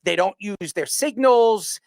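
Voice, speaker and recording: Man, sports talk host, from New York, rambling and blunt, gravelly voice, dry sound. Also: sits high, lively intonation, takes it slowly, darkish tone, no room sound. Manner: rambling, repeats words, blunt opinions.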